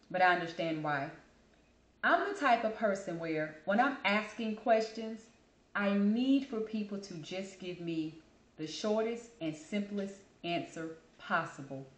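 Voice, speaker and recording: A woman hosting her own show, talking casually and chattily about herself and calling listeners "baby". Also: mid-range voice. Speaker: podcast host. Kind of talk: casual personal monologue. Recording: echoey room.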